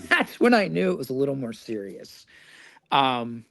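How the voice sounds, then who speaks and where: A medium-pitched man with big pitch swings, vocal fry and a fairly bright tone speaks unhurriedly with no room sound. In his forties and from Indiana, he's a podcast guest casually telling stories, chatty and chuckling through his own tales.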